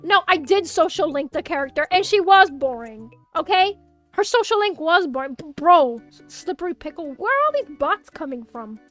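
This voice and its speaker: Young woman w/ a miami hispanic accent, super high voice, animated casual stream chat, cusses a lot. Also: moderate pace, soft background music. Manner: animated, chatty, swears freely, answers chat. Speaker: VTuber streamer.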